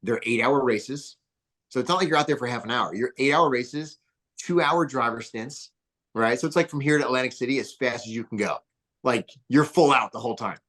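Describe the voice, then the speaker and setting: A man from New Jersey, a podcast guest, telling stories in a casual, rambling way with lots of fillers and bursts of excitement. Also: medium pitch, brisk. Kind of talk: casual interview storytelling.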